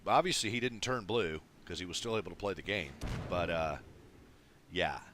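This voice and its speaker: A man's voice: deep voice, expressive, moderate pace, fairly bright tone, a little hiss or hum. A man casually commenting on a replay of his own game, laid-back and swearing freely. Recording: game sounds of gunfire and engines behind. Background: tank battle game sounds, artillery fire.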